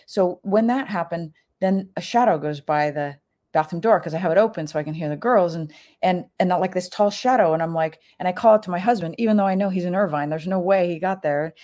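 A middle-aged woman, speaking a little fast in a mellow voice, tells a personal story in a chatty, casual way. She fills it with "like" and acts out what people said, her pitch jumping sharply on the quoted lines.

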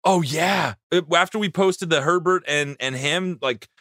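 A man co-hosting a sports podcast, giggling often and throwing in quick quips. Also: fairly high pitch, pushed and bright, no echo, studio quality. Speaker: podcast co-host. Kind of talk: casual chat.

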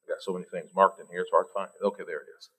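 A man preaching a sermon, teasing his listeners and climbing high in pitch for emphasis, then slowing right down to read scripture. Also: flat delivery, a bit bright, slightly rough, low-quality recording. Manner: reads scripture slowly and deliberately.

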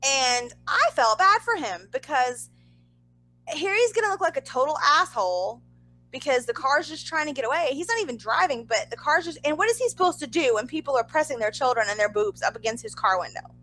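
A woman with a high, bright voice that swings widely in pitch as she tells a story in casual chat. She talks fast, piles on fillers and asides, and keeps things loose and conversational. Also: animated, rough recording. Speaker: podcast co-host.

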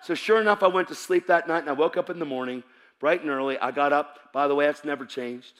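A man preaching a sermon to a church audience, telling his own story and breaking into shouts. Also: a little high, fast. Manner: animated storytelling that bursts into shouting. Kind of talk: sermon with personal testimony.

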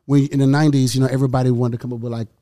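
A middle-aged man from Miami and Houston, a music producer, telling animated stories in a casual podcast chat and acting out quotes. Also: mid-range voice, racing, dry recording, clean studio sound. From born in Miami, from Houston. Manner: animated storyteller, acts out quotes, frequent swearing.

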